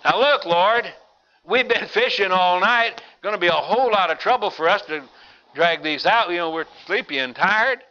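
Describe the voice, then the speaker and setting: A man's voice: medium pitch, normal speed, pushed and bright, close to an everyday voice. A man voicing a weary adult fisherman who is blunt and doubtful, in a folksy, exasperated way. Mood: tired protest. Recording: dull lo-fi recording.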